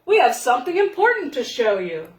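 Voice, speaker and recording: A woman voicing a big, jolly male bear who talks in a loud, hearty way. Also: high-pitched, huge pitch swings, a little fast, voice pushed up. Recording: echoey room.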